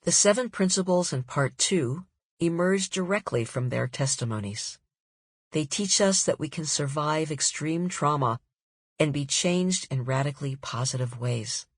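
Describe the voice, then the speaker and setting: Slow, measured woman reading an audiobook. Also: sits low, lively intonation, breathy edge, no room sound, clean studio sound. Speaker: author reading her own book. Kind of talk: nonfiction audiobook narration.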